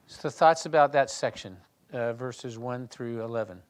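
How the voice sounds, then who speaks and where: A man leading a Bible study, reading scripture aloud and then talking it through in a conversational way, often restarting and clearing his throat. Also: medium pitch, slow. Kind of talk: reading scripture and discussing it in a small group.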